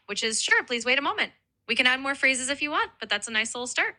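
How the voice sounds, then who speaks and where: A woman's voice: a little high, lively intonation, fast, pushed and bright. A synthetic female voice assistant, upbeat and helpful, explaining things in a chatty tutoring style.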